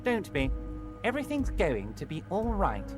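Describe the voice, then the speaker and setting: An actor playing a jovial, scheming, heavyset union boss who talks in a smooth, patronizing, falsely reassuring way. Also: male voice, high-pitched, huge pitch swings, moderate pace. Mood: falsely soothing. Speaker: video game character. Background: game music.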